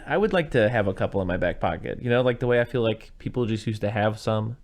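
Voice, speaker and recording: A man hosting a casual movie podcast, chatting loosely and telling jokes in a dry, deadpan way. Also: on the low side, quick pace. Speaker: podcast host. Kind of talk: casual chat.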